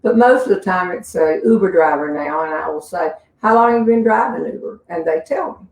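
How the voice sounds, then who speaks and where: A woman's voice: mid-range voice, lively intonation, a little fast, creaky, a little mellow, roomy sound, recorded from a distance, poor audio. A woman with a Southern US accent telling comic stories in a folksy, chatty way, full of asides and little laughs. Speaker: humorist answering audience questions. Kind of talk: casual comic storytelling.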